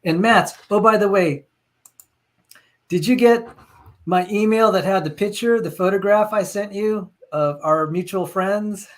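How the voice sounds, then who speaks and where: Animated higher-voiced man host. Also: unhurried. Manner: animated storytelling, quoting others. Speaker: channel host. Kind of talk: casual chat.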